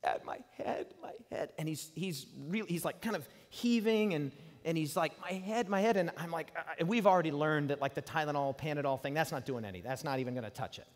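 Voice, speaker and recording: A man in his forties preaching a sermon and telling a personal story, swinging from loud bursts to hushed tones. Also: on the high side, fast. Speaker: pastor. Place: large hall. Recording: hall reverb from live sermon.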